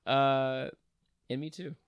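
A young man hosting a casual podcast, upbeat at the intro and relaxed and joking in the chat. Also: mid-range voice, takes it slowly, smooth, dry recording, muffled recording. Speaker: podcast host.

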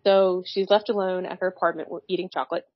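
A woman's voice: on the low side, little pitch movement, quick pace, no echo, highs cut off. A woman co-hosting a casual chat, recapping a film plot in a wry, slangy way and laughing often. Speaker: podcast co-host recapping a film.

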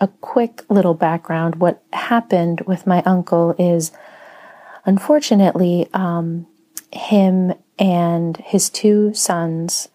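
A woman speaks in a slow, unhurried personal monologue, pausing often between thoughts. Her voice is somewhat low and warm, with a mellow tone. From Spanish-speaking home. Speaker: writer and writing teacher.

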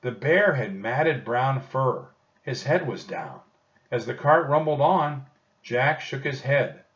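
A man narrating a children's storybook audiobook in a slow, expressive storytelling manner. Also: mid-range voice. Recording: dull distant recording.

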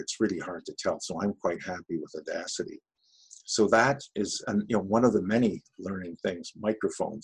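Gravelly low-voiced man, relaxed and wry. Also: rough recording. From Canada, Ottawa area. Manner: relaxed, anecdotal, wry humor. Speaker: voice actor guest. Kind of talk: casual interview talk.

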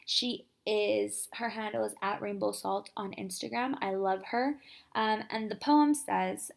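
Chatty young woman with a gravelly edge. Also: medium pitch. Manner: chatty, upbeat, lots of "like" and quick asides. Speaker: podcast host. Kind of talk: casual motivational talk.

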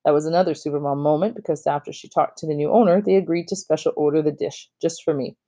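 Brief: casual storybook reader, kid-like delivery, warm and mellow. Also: medium pitch, fairly even intonation, quick pace, lo-fi sound. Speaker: audiobook reader. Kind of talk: reading a children's novel aloud, first-person narration.

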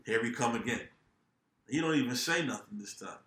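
Man, podcast host, animated profane storytelling, bright voice, echoey room. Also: mid-range voice, fairly quick. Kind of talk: casual storytelling.

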